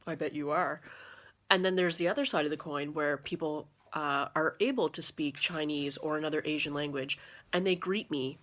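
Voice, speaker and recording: Canadian woman in her 30s, pretty low voice, chatty vlog story w lots of "you know"s. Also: moderate pace. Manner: chatty, animated retelling with many fillers. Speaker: vlogger. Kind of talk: casual storytelling to camera.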